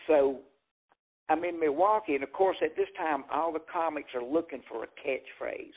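A man's voice: fairly high pitch, moderate pace, breathy edge. A man from Mississippi with a thick Southern accent, a stand-up comedian telling stories in an interview and acting out quotes. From Jackson, Mississippi. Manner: animated storyteller acting out quotes. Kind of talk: storytelling interview. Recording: narrow phone-like sound.

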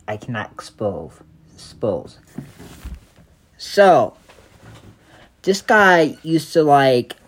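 A young man co-hosting a podcast, telling a story in an unhurried, halting way. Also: mid-range voice. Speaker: podcast co-host. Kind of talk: casual storytelling chat.

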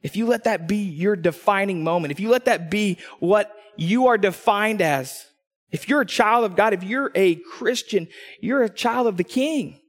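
Texas-raised male pastor, high voice, lively storyteller, reverberant sanctuary. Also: moderate pace. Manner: animated storytelling, acting out quotes. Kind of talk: sermon. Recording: long hall reverb.

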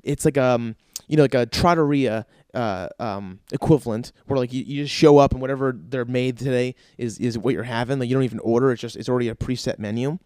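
A man casually telling an anecdote with lots of swearing, fillers and animated energy. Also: mid-range voice, brisk, clear, resonant tone, dry recording, clean studio sound. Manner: animated, profanity-laced storytelling with frequent fillers.

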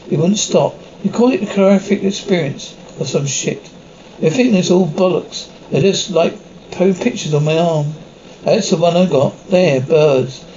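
A rambling, childlike prison inmate in a scripted sitcom, blunt and crude with his words. His voice sits high yet sounds mellow and soft-edged. The sound is slightly dull, like muffled TV audio with a faint hiss behind it. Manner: rambling, blunt, swears casually.

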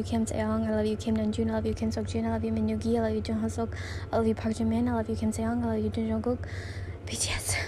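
A woman's voice: fairly high pitch, noisy background. A young woman vlogging casually, rambling through funny stories and laughing often as she talks. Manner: giggly, rambling, laughs often mid-story. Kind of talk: casual storytelling vlog.

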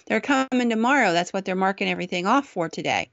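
A woman's voice: mid-range voice, lively intonation, fast talker, gravelly, fairly bright tone, dry recording. A woman voicing a startled male neighbor who protests in surprise, on a dull, dry recording.

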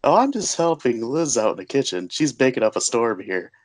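A man's voice: medium pitch, sing-song, a little fast, voice pushed up. A man voicing an overly cheerful, cookie-obsessed male house guest who gushes in a sing-song, oblivious way. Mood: gushing.

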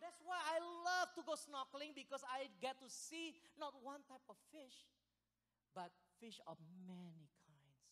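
A man preaching a sermon as pastor, excitable and animated, breaking into loud bursts and laughing, a little out of breath. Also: very high-pitched. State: sweating, short of breath at times. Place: church hall. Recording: long hall reverb.

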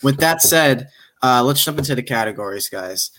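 A man's voice: medium pitch, expressive, moderate pace, fairly bright tone. A man hosting a podcast, steering the talk and handing topics to his co-hosts. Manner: moderating, hands out topics to others. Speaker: podcast host.

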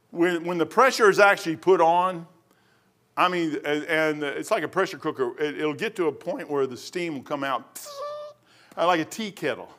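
A preacher, a man with a high, bright voice, delivering a folksy, animated sermon in a church. He slips into casual storytelling and keeps dropping "man" as he goes.

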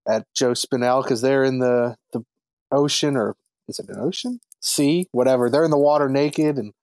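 A relaxed man co-hosting a film podcast, talking at a middling pitch with filler words and easy laughs. His voice is recorded close and dry. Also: moderate pace, no room sound. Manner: easygoing, hesitant, laughs along. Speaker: podcast co-host. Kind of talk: casual film review chat.

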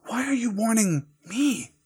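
A man's voice: high-pitched, expressive, unhurried, a little mellow, husky, pitched above the performer's own voice, heavily acted. A man doing an earnest young schoolboy. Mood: urgent.

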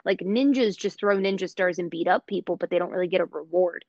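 A woman's voice: lowish voice, fairly quick, darkish tone, no room sound, lo-fi sound. A woman in casual chat, talking in an opinionated way with lots of fillers. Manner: chatty, opinionated, many "like" fillers.

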